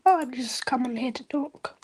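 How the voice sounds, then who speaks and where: A woman from the UK with a British accent, a guest in a casual livestream chat, answering softly and hesitantly in a youthful-sounding voice. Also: high-pitched, moderate pace, slight background noise. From United Kingdom.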